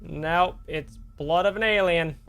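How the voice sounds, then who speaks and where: A man's voice: on the high side, a little slow, a bit bright, a little hiss or hum. A man streaming a game live, joking and thanking viewers.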